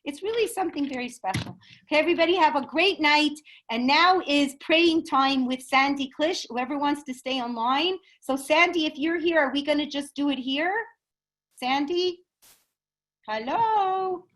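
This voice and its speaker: Over a video call, a woman teaches an online Torah class, telling stories in an animated, chatty way and asking rhetorical questions. Her voice sits high at a normal speed, and the recording is low quality.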